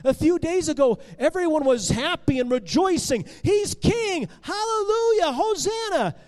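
A man voicing an anxious, earnest young boy in a storytelling, speaking in a high, strained, pleading way. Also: lively intonation, normal speed, darkish tone. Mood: anguished.

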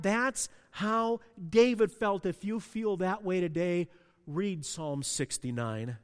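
A man with a high voice preaches a sermon, telling stories from his own life and asking the congregation questions. His words ring through a large hall with a long reverb. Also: measured pace, smooth. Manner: storytelling, asks the congregation questions. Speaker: pastor.

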